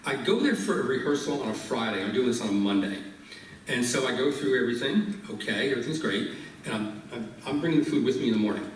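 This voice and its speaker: A man's voice: medium pitch, fast talker, distant mic, slight background noise. Man telling stories in an echoey hall. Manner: animated anecdote with laughs and restarts. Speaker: chef and guest. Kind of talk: storytelling on stage. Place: live stage interview before audience.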